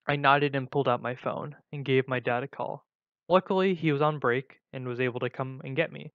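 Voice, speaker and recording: A man reading a first-person story aloud in a plain, steady way, with small slips and restarts. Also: mid-range voice, a little fast, dry recording. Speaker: story reader. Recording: dull lo-fi recording.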